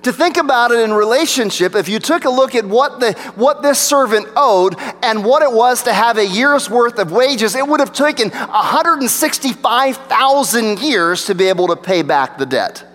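A pastor preaching a sermon, rising for emphasis and dropping to a low hush. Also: male voice, expressive, moderate pace, few pauses. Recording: long reverb of a large hall.

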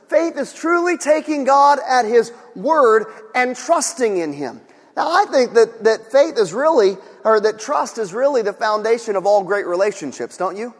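A man's voice: very high-pitched, lively intonation, moderate pace, in a large hall. A male pastor preaching a sermon, earnest, repeating key phrases for emphasis.

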